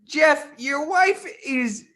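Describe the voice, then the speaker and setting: A performer playing a puzzled investigator who asks fast clarifying questions of suspects in an improvised murder-mystery comedy. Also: high voice, animated, fairly bright tone, full character voice.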